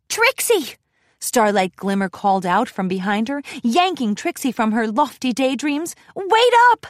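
A woman giving an expressive, scripted narration of a children's storybook. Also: a little high, dry recording, clean studio sound. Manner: expressive, lively reading.

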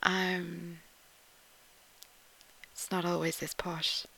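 A woman with a posh English accent talks through a casual audio post at a very slow, drawn-out pace. Her voice carries a gravelly, creaky texture and often sinks into a breathy whisper. Giggles and ums break up her reading of word lists. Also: on the low side, flat delivery, rough recording. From Yorkshire, England. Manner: often drops to a soft whisper.

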